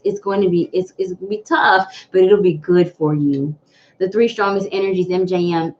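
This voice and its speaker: A woman hosting a live tarot reading, speaking earnestly to viewers and often repeating herself. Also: fairly low pitch. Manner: earnest, repetitive, greets viewers by name. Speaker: tarot reader hosting a livestream. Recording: dull lo-fi livestream audio with faint noise.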